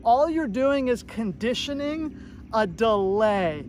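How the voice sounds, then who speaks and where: A man's voice: extremely high pitch, unhurried, slight background noise. A man working as a dog trainer, giving a casual, upbeat tutorial outdoors and praising his puppy as he coaches.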